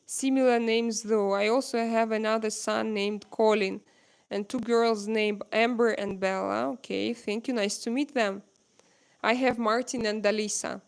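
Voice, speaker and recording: Woman, Russian accent, livestream host, reads chat aloud, hesitant English, fairly high, smooth tone. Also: steady tone. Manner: hesitant, halting non-native English with many fillers. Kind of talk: casual livestream chat, reading viewer comments aloud.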